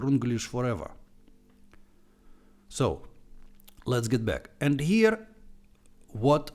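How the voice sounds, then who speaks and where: Animated man with a heavy Russian accent. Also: fairly low pitch. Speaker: online language teacher. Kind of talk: live-stream course walkthrough.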